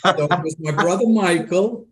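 A man's voice: high voice, moderate pace, a bit bright. Older male host with a folksy way of telling stories. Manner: anecdotal storyteller, folksy. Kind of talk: casual interview talk.

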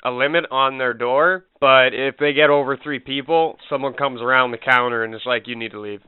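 A man's voice: medium pitch, steady tone, a little fast, clean tone. A blunt, combative man swearing in casual podcast chat. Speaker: podcast co-host. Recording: tinny phone-like sound.

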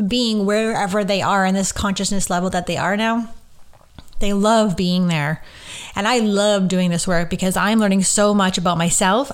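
Gushing, rambling woman podcaster. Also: mid-range voice. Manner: gushing, rambling, many fillers. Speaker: podcast host and medium. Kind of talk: casual solo podcast monologue.

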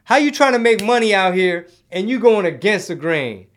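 Very animated and high-voiced, this livestream host talks at normal speed while reading the chat. His laid-back rambling is full of slang, and he mixes in Spanish.

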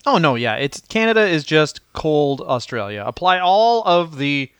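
Animated, profane man with a smooth voice. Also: a little high, moderate pace, no room sound. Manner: animated, profane, laughs often. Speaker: podcast co-host. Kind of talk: casual comedic chat.

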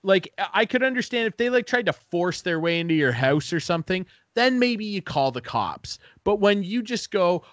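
This high-pitched host keeps a moderate pace with few pauses as he tells a casual podcast story, cursing freely and animatedly impersonating the people involved. There's no room sound.

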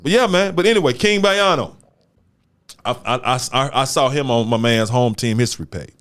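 A man's voice: medium pitch, fairly quick, a bit bright. A man hosting a casual talk show, speaking emphatically in street slang and repeating words for stress. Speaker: show host. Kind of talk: casual chat.

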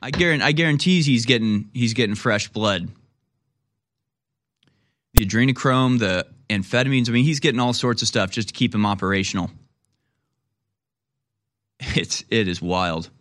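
A man's voice: medium pitch, moderate pace, long pauses, a bit bright, a little hiss or hum. A man hosting a commentary show, talking in a sarcastic, rambling, jokey way. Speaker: host.

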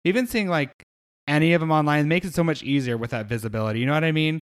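A man co-hosting a podcast who rambles his way through quick asides. His voice sits a little higher than most men's. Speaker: podcast co-host. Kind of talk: casual chat.

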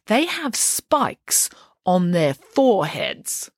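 Female storybook narrator, animated delivery, voices every character, dry close-miked read. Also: fairly low pitch, extremely slow, no room sound. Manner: lively, switches voices for each character. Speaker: audiobook narrator.

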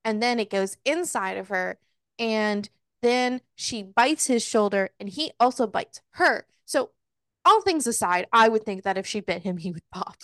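A woman co-hosting a casual podcast, recapping a book in an exasperated, swearing, animated way and voicing the characters' lines. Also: medium pitch, unhurried, dry recording, studio quality. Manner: swearing, exasperated, animated retelling with voiced quotes. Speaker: podcast co-host.

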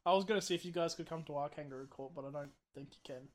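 Hesitant young Australian man, higher voice. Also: very fast. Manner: hesitant, trails off, uses lots of "like". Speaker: podcast co-host. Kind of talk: casual chat.

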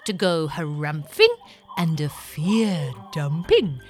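Brief: a giddy little storybook ghost girl, squeaky, unhurried, music behind. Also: big pitch swings, full character voice. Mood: spooky. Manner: sing-song, squeaky, wildly swooping voice. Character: playful mud-loving young female ghost creature. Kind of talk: storybook audio reading.

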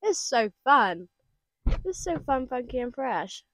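Woman, podcast guest, higher voice, giggly and sweary, dry close sound. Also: sing-song, slow, no echo. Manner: bubbly, laughs often, swears casually. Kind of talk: casual chat. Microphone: podcast mic.

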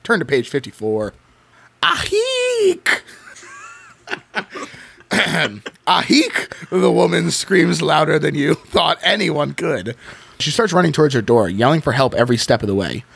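A man hosting a podcast, reading a choose-your-own-adventure book aloud in an expressive way and breaking off to chat. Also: fairly high pitch, fairly quick, creaky, slightly rough, no room sound. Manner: expressive reading with frequent laughs. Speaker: podcast host.

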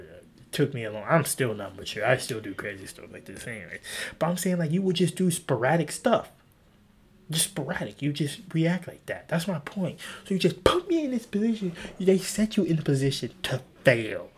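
A young man hosting a casual solo podcast, rambling through stories with swearing and voicing his past self in sudden high pitches. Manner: rambling, swearing, voice jumps high when acting out his own past lines. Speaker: podcast host.

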